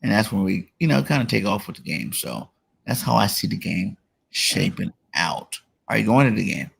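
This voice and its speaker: Casual sports-show host, male, low gravelly voice, laid-back chatter. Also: normal speed. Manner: relaxed, filler-heavy, lots of "you know". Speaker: podcast host.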